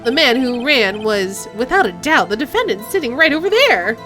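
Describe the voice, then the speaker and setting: A woman's voice: on the high side, sing-song, normal speed, sharp tone, faint music behind. A woman voicing an eager, jittery male newspaper seller giving testimony in a game. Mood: dramatic. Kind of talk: game voice-over.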